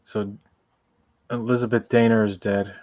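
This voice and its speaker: A man's voice: fairly low pitch, flat delivery, unhurried, a little mellow, no room sound. A man in a casual fan commentary podcast, asking questions and sharing his opinions. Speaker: podcast co-host.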